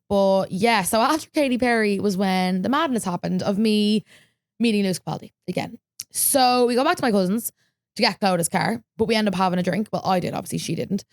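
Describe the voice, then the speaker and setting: A woman's voice: medium pitch, no room sound. Woman, 20s, podcast host; chatty storyteller with a dry, close mic. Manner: chatty storytelling, filler-heavy, quotes herself. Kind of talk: casual chat.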